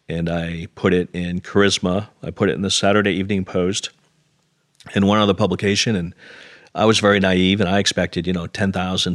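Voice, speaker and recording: Deep-voiced man telling his story. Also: fairly bright tone, no room sound, studio quality. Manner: earnest, self-deprecating, quotes others in dialogue. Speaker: interview guest. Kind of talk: conversational storytelling.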